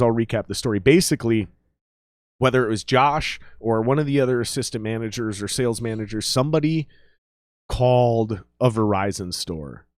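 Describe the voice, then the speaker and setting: A man from the Upper Midwest of the US, a musician guest telling a story in casual, profane, animated chat. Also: on the low side, smooth, no echo, studio quality.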